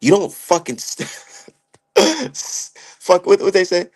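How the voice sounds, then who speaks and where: A man's voice: high voice, big pitch swings, slow pace. A young man giving heated, profane, slangy commentary as a streamer. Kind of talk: ranting casual commentary.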